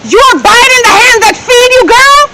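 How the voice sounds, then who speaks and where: A woman with a Jamaican accent playing a domineering, scornful wife who scolds her husband and her maid, often breaking into shouts. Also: very high-pitched, expressive, moderate pace, a little hiss or hum, full character voice, low-quality recording. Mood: contemptuous. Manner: scolding, cutting, bursts into shouts. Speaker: actor in a Jamaican stage-style movie.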